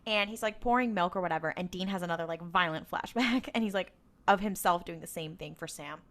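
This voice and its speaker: A woman's voice: lowish voice, brisk, fairly bright tone. A woman co-hosting a casual recap podcast, telling the story with lots of energy, acting out lines and laughing often. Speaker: podcast co-host.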